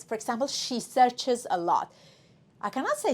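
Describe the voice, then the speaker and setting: A woman's voice: on the high side, animated, moderate pace, slight background noise. A woman teaching a live English exam-prep class. She speaks emphatically, repeating words aloud and drilling them for her students.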